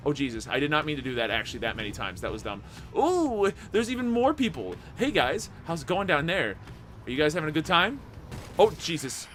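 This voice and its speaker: A man hosting a gameplay video, reading the game's text aloud and commenting with excitement. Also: on the high side, a little fast, soft background music. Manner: animated, reads dialogue aloud with excitement.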